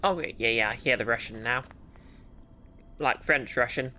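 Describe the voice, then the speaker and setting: A woman's voice: very deep voice, a little slow, pushed and bright, slight background noise. A woman streaming a game, chatting casually and rambling with lots of fillers.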